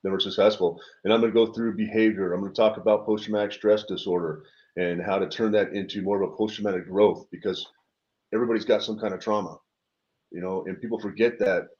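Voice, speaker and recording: A man's voice: fairly low pitch, steady tone, quick pace, darkish tone, highs cut off. A middle-aged man speaking as a podcast guest, frank and earnest as he tells personal stories. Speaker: guest speaker, event leader. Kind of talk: podcast conversation, personal storytelling.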